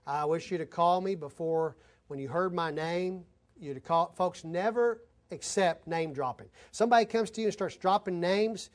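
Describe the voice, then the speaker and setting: High-voiced man preaching a casual sermon. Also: normal speed. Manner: conversational preaching, addresses folks directly, tells anecdotes. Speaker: pastor.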